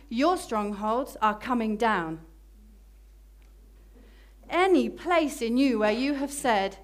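Woman preacher, slightly high voice, emphatic sermon delivery that slows for key phrases. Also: animated. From Britain.

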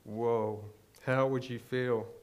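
A man's voice: mid-range voice, fairly even intonation, slow, a little mellow. English man preaching a conversational sermon. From England. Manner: conversational, searching, with many restarts and rhetorical questions.

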